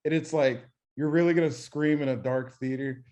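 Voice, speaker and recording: A young man co-hosting a podcast, telling animated stories in casual chat and swearing freely. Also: a little high, normal speed, lo-fi sound. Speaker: podcast co-host.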